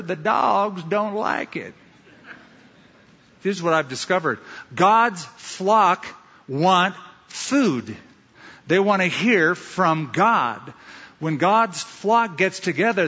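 A man preaches a sermon to his congregation, telling stories and driving points home by repeating them. His voice is bright, forceful and slightly high. The sound is a little dull and carries the long reverb of a large hall. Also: breathy edge. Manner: preacherly storytelling with emphatic repetition. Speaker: pastor.

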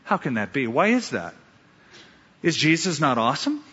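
A man preaches a sermon to his congregation, telling stories and driving points home by repeating them. His voice is bright, forceful and slightly high. The sound is a little dull and carries the long reverb of a large hall. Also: very animated, normal speed, breathy edge. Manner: preacherly storytelling with emphatic repetition. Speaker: pastor.

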